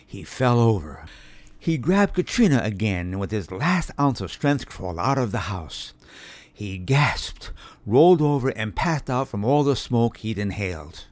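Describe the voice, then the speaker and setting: Brief: male audiobook narrator, lively expressive reading, dry close sound. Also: medium pitch, unhurried, no room sound.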